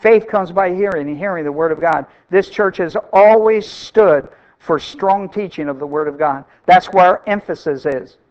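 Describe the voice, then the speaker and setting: A man with a high voice preaches, pressing each point and saying key lines twice. The recording sounds a little dull and lo-fi. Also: normal speed. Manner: emphatic, repeats phrases for stress. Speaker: pastor. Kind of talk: sermon.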